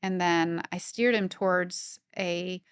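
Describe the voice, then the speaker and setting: A woman guest on a podcast, telling stories in a brisk, opinionated way during casual chat. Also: fairly low pitch, steady tone, clean tone, dry recording, clean studio sound.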